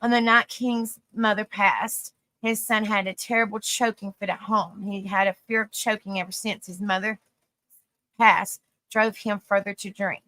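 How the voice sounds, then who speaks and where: A woman's voice: medium pitch, steady tone, normal speed, pushed and bright, no room sound. A woman with a Southern US accent reading facts aloud on a livestream, stumbling over hard words and chatting with viewers. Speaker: host.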